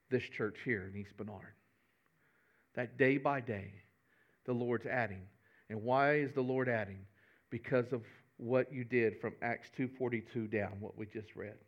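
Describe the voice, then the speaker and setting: A man's voice: mid-range voice, measured pace, dull audio. A man, a pastor giving a folksy, conversational sermon with humor.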